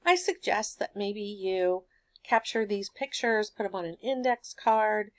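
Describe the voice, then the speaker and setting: A woman giving a grammar lesson at an unhurried, measured pace, patient and methodical, building each point from simple everyday examples. Her voice sits at a middle pitch and is recorded close and dry, with almost no room sound. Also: dry recording. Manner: patient, explains step by step with homely examples. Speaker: teacher.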